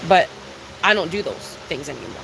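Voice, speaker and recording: A woman's voice: low voice, animated, fairly quick, gravelly, noisy background. A young woman talking to her live-stream viewers in a casual, confessional way, emphatic and full of swearing and repetition. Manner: confessional and emphatic, heavy swearing, repeats herself. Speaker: livestreamer.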